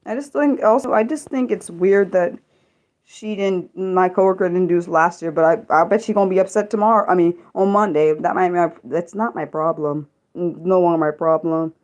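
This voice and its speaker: A young woman chatting casually on a live stream, rambling and halting with many restarts and ums. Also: on the low side, a little mellow.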